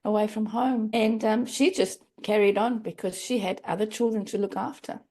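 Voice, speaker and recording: A woman's voice: mid-range voice, steady tone, normal speed, warm tone. A middle-aged woman speaking earnestly as a guest in a podcast interview, acting out quoted phrases. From Australia. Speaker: grief coach, guest.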